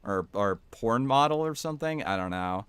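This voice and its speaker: A man's voice: fairly low pitch, lively intonation, moderate pace, a bit bright, clear, resonant tone, no echo. A man doing casual reaction commentary, interrupting with crude, rambling and mocking remarks. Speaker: streamer commentator.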